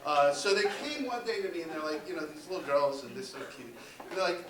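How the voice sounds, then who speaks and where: Halting fifty-something man doing stand-up. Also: on the high side, expressive. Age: 50s. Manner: halting, full of ums and repeated words. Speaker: stand-up comedian. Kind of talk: stand-up set. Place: comedy club stage. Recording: roomy club sound from a distance with loud crowd. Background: audience laughter.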